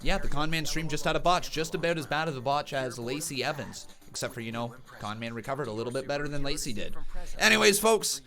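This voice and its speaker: A man hosting a live wrestling reaction stream, calling the action like an excitable commentator and chatting with viewers. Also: on the high side, quick pace.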